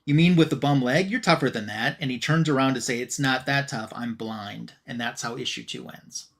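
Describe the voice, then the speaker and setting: A man co-hosting a fan podcast, recapping a comic book story in an easygoing, conversational way. He paraphrases characters' lines loosely, leaning on fillers and "he's like" as he goes. His voice sits at a middling pitch. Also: normal speed, vocal fry, a bit bright. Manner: retelling a comic plot with loose quoted dialogue, many fillers. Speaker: podcast co-host.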